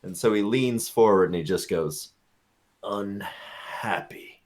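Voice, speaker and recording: A man narrating as game master of a tabletop role-playing game, in a relaxed, casual way with many fillers. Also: low-pitched, moderate pace.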